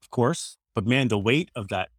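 A man in his thirties speaks earnestly as a podcast guest. His talk rambles and he often restarts sentences. His voice is mid-pitched and sounds dry and close, with no room sound. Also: expressive, normal speed, husky, no room sound. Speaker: guest, former radio host. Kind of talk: casual conversation.

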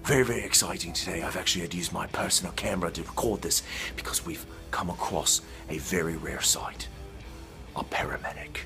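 A hushed nature-documentary narrator with a put-on Australian accent, as a man plays him for a whispered role-play. The voice sits low and gravelly and moves fast. Clear music plays under the whisper. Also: fairly even intonation. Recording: music bed behind the voice.

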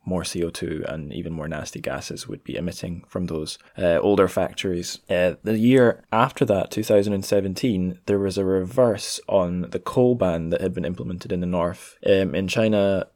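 A man's voice: sits low, normal speed, few pauses, a little mellow, dry recording, clean studio sound. A man hosting a casual solo podcast, talking in a thoughtful, meandering way with many ums and restarts. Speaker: podcast host.

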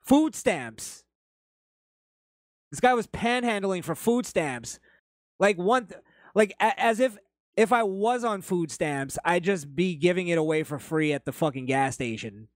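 A man's voice: sits high, expressive, normal speed, no echo, clean studio sound. A man hosting a podcast, reading chat comments and telling rambling stories in a blunt, profane, casual way. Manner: blunt, swears freely, rambling anecdotes.

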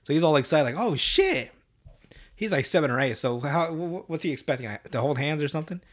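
Profane, rambling, fairly high-voiced man. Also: rapid-fire. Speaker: podcast host. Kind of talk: casual episode recap.

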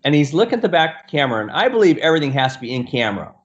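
A middle-aged man and portrait photographer telling a story in an animated way, acting out the other people's lines and laughing often. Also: fairly high pitch, rapid-fire. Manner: acts out quoted voices and laughs often. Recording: dull lo-fi sound.

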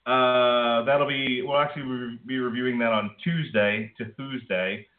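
A man's voice: mid-range voice, fairly even intonation, a little slow. A man co-hosting a casual podcast, joking, teasing and rambling between announcements. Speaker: podcast co-host. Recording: tinny phone-like sound in an echoey room.

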